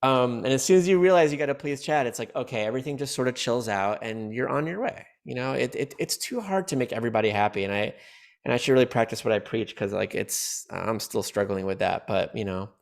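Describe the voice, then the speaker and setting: Gravelly man chatting playfully. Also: medium pitch, fast. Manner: playful, rambling, laughs often. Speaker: comedian guest. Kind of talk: casual podcast chat.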